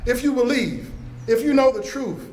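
A man with a high voice delivers a dramatic first-person retelling of scripture in emphatic preaching style. His words ring around a roomy, echoing church sanctuary. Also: expressive, moderate pace, darkish tone, a little hiss or hum. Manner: emphatic preaching delivery, raising pitch for quoted speech. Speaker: pastor. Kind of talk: first-person biblical character narration.

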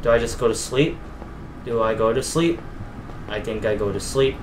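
A young man streaming a horror game, reading diary notes aloud and muttering to himself as he explores. He is jumpy, swearing and yelping at the scares. His voice sits at a mid pitch over faint background ambience. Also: moderate pace, background noise. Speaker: gameplay streamer.

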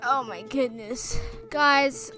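A woman gamer and channel host giving excitable roleplay commentary, often panicking and repeating herself. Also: sits high, slow, music in the background. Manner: panicky, exclaiming, repeats phrases.

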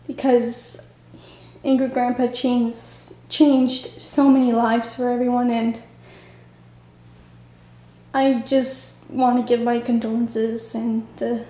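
Female vlogger on the verge of tears, soft and mellow, flat and hesitant delivery, echoey room. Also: on the high side. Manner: halting, hesitant, soft-spoken. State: fighting back tears. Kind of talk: tearful video tribute.

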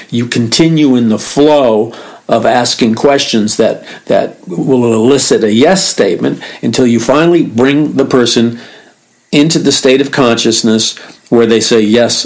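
A man's voice: mid-range voice, rough recording. Earnest man teaching scripture. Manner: earnest, emphatic, repeats words while explaining; reads scripture quickly between slower commentary. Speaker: radio minister and host. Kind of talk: radio Bible teaching.

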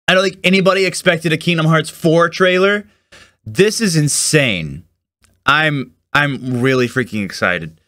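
An excitable young man reacts to a game trailer for his channel, gushing and exclaiming. His voice sits a little high and has a bright, forceful edge. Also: moderate pace, dry recording, studio quality. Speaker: gaming YouTuber.

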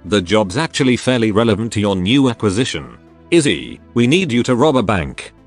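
A man's voice: fairly low pitch, big pitch swings, fairly quick, soft background music. A synthetic male text-to-speech voice voicing a pudgy, greedy middle-aged Irish mob fixer. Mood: businesslike.

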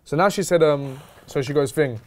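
A young man telling a story in casual chat, slangy and animated. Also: on the high side, normal speed, a little hiss or hum. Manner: animated, slangy, retelling with quoted dialogue. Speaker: host.

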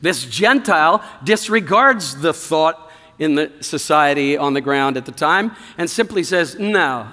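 A man delivers a sermon from the pulpit, talking to the congregation in an easygoing way with plenty of asides and fillers. His voice sounds bright and forward. The sound rings out with a long reverb, as in a large hall. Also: on the high side, animated, a little slow. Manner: conversational, with frequent fillers and asides. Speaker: pastor. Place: church sanctuary.

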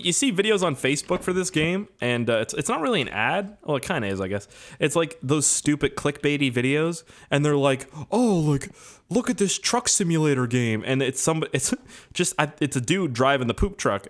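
A man giving casual, profane and rambling commentary while playing a driving game. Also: medium pitch. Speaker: gaming YouTuber. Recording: loud game engine noise behind. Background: vehicle engine sounds from the game.

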